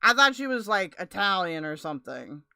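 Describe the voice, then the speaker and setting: Bright, lively woman streamer, dry sound. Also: medium pitch, normal speed, creaky, clear, resonant tone, dry recording. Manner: blunt, sarcastic asides. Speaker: drama commentary streamer. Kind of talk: casual live-stream commentary.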